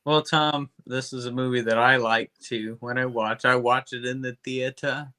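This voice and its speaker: A man co-hosting a podcast, rambling through a comic book recap with lots of swearing and quick character asides. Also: medium pitch, flat delivery, pushed and bright. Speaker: podcast co-host.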